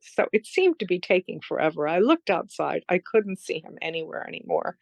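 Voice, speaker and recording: A woman's voice: fairly low pitch, sing-song, a little fast, gravelly, no echo, rough recording. A middle-aged woman telling a heartfelt personal story as a podcast guest, earnest and emotional. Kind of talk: storytelling in a conversation.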